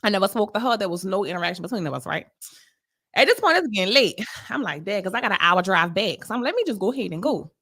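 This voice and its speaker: A woman, co-hosting a casual chat show and telling a blunt, animated story with frequent laughter. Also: medium pitch, quick pace. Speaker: podcast co-host.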